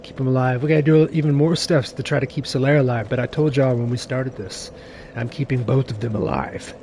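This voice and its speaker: A man's voice: medium pitch, steady tone, fairly quick, mellow, slight background noise. A man streaming a video game, talking in a playful, joking, sometimes profane way. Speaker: gaming streamer. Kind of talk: casual let's-play commentary.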